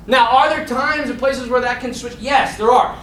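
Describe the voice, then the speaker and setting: A man with a high, bright voice teaches a Bible class in a loose, animated way, full of fillers and restarts. The room is echoey and he is some distance from the mic. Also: normal speed, slight background noise. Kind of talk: casual teaching talk to a mixed group.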